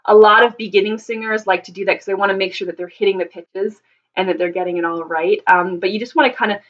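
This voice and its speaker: A woman's voice: mid-range voice, steady tone, fast, fairly bright tone. Woman explaining vocal technique, dull audio. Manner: thoughtful, with many ums and restarts. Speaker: voice teacher.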